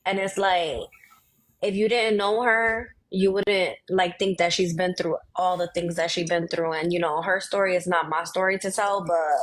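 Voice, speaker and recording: A woman's voice: on the low side, poor audio. A woman on a panel talking earnestly and casually, with lots of filler words. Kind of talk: casual chat.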